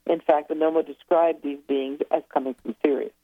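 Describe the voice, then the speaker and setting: Gravelly woman on a tinny phone line. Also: sits low, fairly even intonation, brisk, no echo. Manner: rambling, hesitant while recalling. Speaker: guest author. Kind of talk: casual phone interview. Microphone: telephone.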